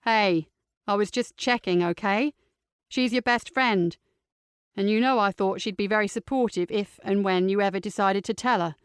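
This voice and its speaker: A woman voicing a calm, caring aunt, speaking low and gently in an audiobook. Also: normal speed, clear, resonant tone, no room sound, studio quality, close to an everyday voice. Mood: soothing. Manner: low and soothing. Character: calm, caring aunt comforting her niece.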